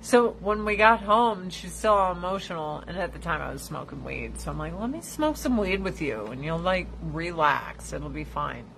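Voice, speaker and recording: A woman hosting a casual livestream chat, telling blunt, profane stories and squealing high when she imitates other people. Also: lively intonation, normal speed, creaky, few pauses, fairly bright tone, slight background noise, poor audio. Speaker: livestream host.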